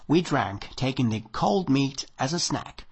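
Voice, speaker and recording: A man narrating a short story in an audiobook reading, with expressive storytelling and a dry, measured delivery. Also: medium pitch, breathy edge.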